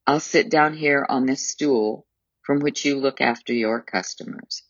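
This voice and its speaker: A man's voice: medium pitch, measured pace, fairly bright tone, no room sound, voice pushed up. Poised, commanding woman customer, read by a male narrator, dull, muffled sound. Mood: polite, commanding. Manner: polite but commanding. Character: insistent, composed woman customer, middle-aged. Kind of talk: audiobook memoir reading.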